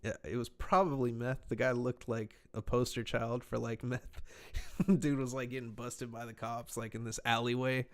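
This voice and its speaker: A man's voice: medium pitch, little pitch movement, normal speed. A man chatting casually on a podcast, telling laid-back stories and swearing freely. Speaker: podcast host. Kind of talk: casual chat.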